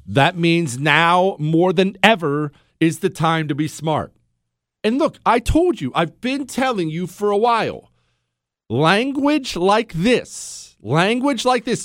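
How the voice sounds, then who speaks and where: Man, talk radio host, ranting, sarcastic, high lively voice, dry close sound. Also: no echo.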